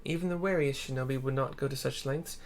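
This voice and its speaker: A man reading out the lines of a calm, wary female shinobi spy in a video game, in his own plain voice. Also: mid-range voice, slight background noise, natural voice. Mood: grave. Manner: measured, grave reporting. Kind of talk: reading game dialogue aloud.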